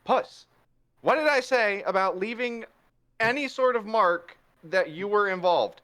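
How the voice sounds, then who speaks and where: A man's voice: high voice, unhurried, fairly bright tone, voice pushed up. A man voicing a stern, exasperated woman adventurer who scolds her companion. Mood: scolding.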